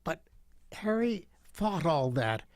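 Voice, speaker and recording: An older man, a guest on a talk show, telling a story in a gentle, reflective way with frequent repeats. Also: a little high, sing-song, slow pace, no echo.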